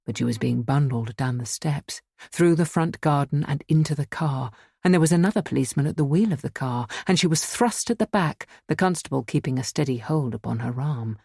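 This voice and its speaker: Low husky lady narrating a spooky story, dry close sound. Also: expressive, brisk, mellow, no room sound. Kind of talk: audiobook horror story reading.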